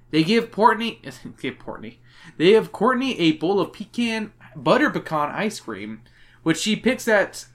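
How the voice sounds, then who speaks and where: A man's voice: on the high side, a bit bright. A drunk man hosting a podcast, recapping a book with sarcastic, giggly asides. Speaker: podcast host.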